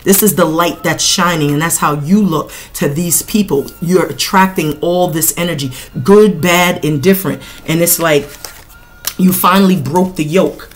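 A middle-aged woman giving a casual tarot reading in a blunt, animated, profane way. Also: fairly low pitch, normal speed. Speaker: tarot reader.

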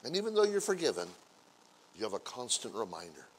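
A man preaching as a pastor, acting out everyday scenes in playful quoted voices and building from quiet asides to loud, drawn-out exclamations. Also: mid-range voice, wildly swooping pitch, a little hiss or hum. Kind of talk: sermon.

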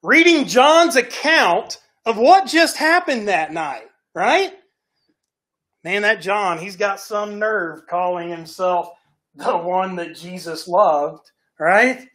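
A man's voice: sits high, slow, a bit bright. A male pastor preaching a sermon in a folksy storytelling way, often checking in with "right?" and "okay?". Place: church sanctuary.

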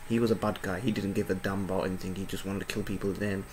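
A man's voice: deep voice, little pitch movement, very fast, a little hiss or hum, rough recording. A man giving casual, effusive reaction commentary as a YouTuber, often repeating his words. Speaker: YouTuber reacting to an anime clip. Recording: loud soundtrack music behind voice.

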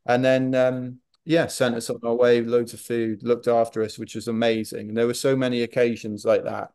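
A Welsh man, a podcast guest, telling a story in a chatty, animated way during a casual interview. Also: mid-range voice, normal speed, hardly any pauses, smooth. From Wales.

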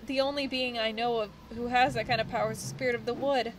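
A woman's voice: on the high side, fairly even intonation, fast talker, noisy background, close to an everyday voice. Woman doing a rage-torn dryad. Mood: strained. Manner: swings between hostility and apology. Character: rage-addled female dryad, tree spirit, erratic and snappish. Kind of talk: reading game dialogue aloud.

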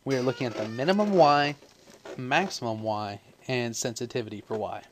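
A man's voice: medium pitch, normal speed, noisy background. A man giving a casual, rambling coding tutorial with lots of offhand asides and self-corrections, while he has the hiccups. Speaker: tutorial maker.

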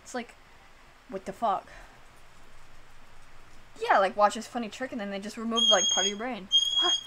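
A woman streamer chatting casually, animated and swearing, filling her talk with "like.". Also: medium pitch, moderate pace, very noisy. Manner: animated, swearing, heavy use of "like".

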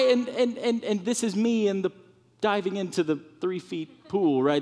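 A man preaching a sermon in a church with lively, animated delivery, sometimes softening to a hushed, comforting tone. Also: a little slow. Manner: animated preaching, drops to soft tones for comfort, rises high for emphasis. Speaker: pastor. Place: church sanctuary. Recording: long reverb of a church hall.

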